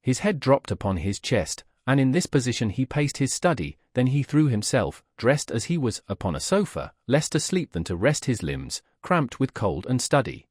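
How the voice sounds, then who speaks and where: Husky male audiobook narrator. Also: medium pitch, sing-song, moderate pace, few pauses, darkish tone, no echo, clean studio sound. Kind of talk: scripted narration of a classic novel.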